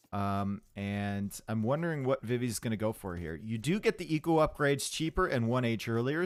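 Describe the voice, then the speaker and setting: A man's voice: mid-range voice, no room sound, clean studio sound. A man giving casual live commentary on a strategy game, chatty and joking with his viewers from a home streaming setup. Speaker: esports caster.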